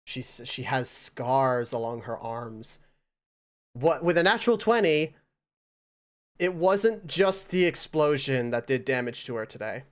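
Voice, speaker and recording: A man narrating as game master of a tabletop role-playing game, relaxed and halting with fillers. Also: mid-range voice.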